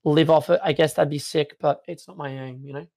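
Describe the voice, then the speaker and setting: A man's voice: fairly high pitch, steady tone, fairly quick, gravelly, dark tone. A young man, a streamer, talking in a casual chat, rambling and hesitant with lots of fillers. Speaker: streamer guest.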